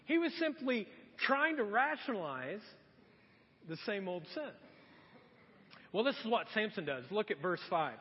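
A man preaching a sermon in a church, telling stories in a lively way and addressing the congregation directly, heard in a dull, echoey recording. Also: high voice, a little slow, pauses often, husky. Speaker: pastor.

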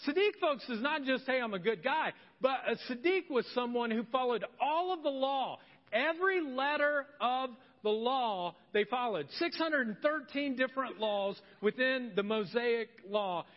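A man preaching a sermon as pastor, humorous and animated, acting out voices of the people in his story. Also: very high-pitched, a little slow. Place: church hall. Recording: muffled church hall recording with long reverb.

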